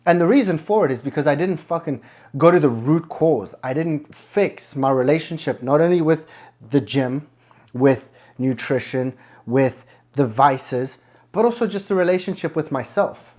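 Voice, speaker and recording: A man's voice: a little high, moderate pace, a little mellow. A man hosting a podcast, giving a blunt, emphatic motivational monologue full of swearing. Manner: blunt, heavily profane, emphatic. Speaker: podcast host.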